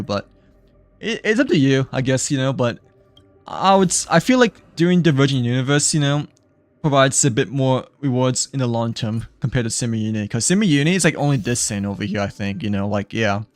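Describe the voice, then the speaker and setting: A man's voice: medium pitch, lively intonation, fairly quick, no echo. A young man chatting casually while streaming a game, rambling with lots of filler words and trailing off. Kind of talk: casual live-stream chat.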